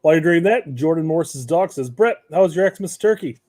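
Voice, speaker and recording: A man's voice: fairly high pitch, expressive, fairly quick, darkish tone. A man co-hosting a casual podcast, dropping dry, short wisecracks. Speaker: podcast co-host. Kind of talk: casual chat.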